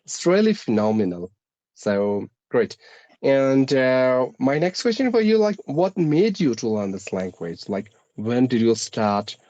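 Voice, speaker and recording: A man with an Indian English accent interviews a guest over a call, polite and formal and pausing often on fillers. His voice sits at an ordinary middle pitch. The call audio is dull and lo-fi, with a dry sound and no room echo. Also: big pitch swings, dark tone.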